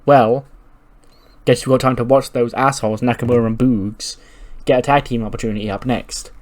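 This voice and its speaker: A grumbling, irritated wrestler airs his grievances about a partner he doesn't trust, as a man paraphrases him in his own everyday voice. The delivery is offhand and peppered with swearing, more a retelling than a performance. The pitch sits around the middle for a man. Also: steady tone, moderate pace, darkish tone, lightly acted.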